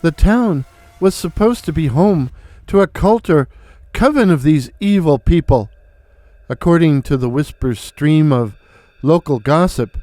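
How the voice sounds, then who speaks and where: A man telling an original horror story in a slow, deliberate, theatrical way, as host of his own channel. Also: a little high, expressive, mellow, no room sound. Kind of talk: dramatic horror story narration.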